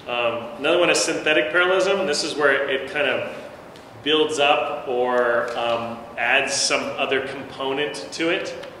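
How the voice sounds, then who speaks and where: A man's voice: medium pitch, pushed and bright. A man teaching a Bible class in a loose, conversational way, with many fillers and restarts. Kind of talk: casual church class teaching. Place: church room. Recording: very echoey long-reverb room with faint noise.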